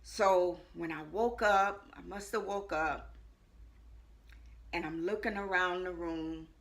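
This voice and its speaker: A woman, a life coach, telling her personal testimony in earnest, repeating phrases for weight and moving between hushed and loud moments. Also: lowish voice, fairly even intonation, slow pace, creaky. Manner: earnest storytelling with frequent repetition; shifts between hushed and loud as she tells it.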